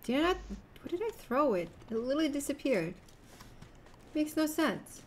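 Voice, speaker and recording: A young woman with a fairly high voice rambles through a gameplay stream, talking straight to her chat in a loose, unpolished way and swearing now and then. A faint hiss sits under her voice. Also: big pitch swings, normal speed. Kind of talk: casual gameplay chat with viewers.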